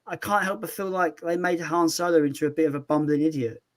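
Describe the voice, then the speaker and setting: A man's voice: fairly high pitch, fast. A man hosting a live movie chat, rambling casually with many restarts.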